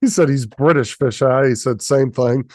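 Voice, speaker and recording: A man's voice: mid-range voice, normal speed, a little mellow, no room sound, studio quality. A man hosting a casual livestream chat, laid-back and profane, laughing often as he reads the chat. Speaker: streamer host.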